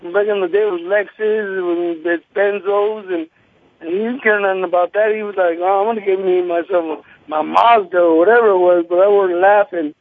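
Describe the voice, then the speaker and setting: Man, 30s, phone-in guest, animated storyteller, high-pitched, tinny phone sound. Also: brisk. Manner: animated, acts out quoted people, many restarts. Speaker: guest, former boxing champion. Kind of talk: casual phone interview storytelling. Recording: tinny phone line, dry.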